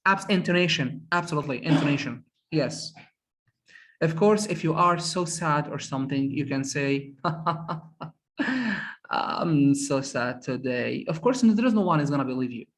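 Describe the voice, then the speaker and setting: A man's voice: fairly high pitch, expressive, a little fast, slight background noise. A man teaching an English conversation class, speaking emphatically, repeating words and saying "of course" often. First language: Arabic. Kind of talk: classroom discussion.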